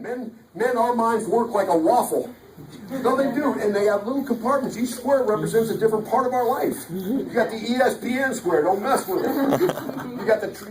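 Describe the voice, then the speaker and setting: A man giving a punchy, joking motivational sales talk to a live audience, recorded from a distance in a large hall. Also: very high voice. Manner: punchy, jokey, preacher-like. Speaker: motivational speaker. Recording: echoey hall from far off.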